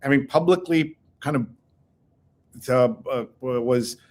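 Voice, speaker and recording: A man in the middle of his range co-hosts a casual chat with blunt, opinionated commentary. He reads headlines aloud to his partner and reacts to them with quick asides. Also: mid-range voice, a little mellow. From India. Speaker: co-host.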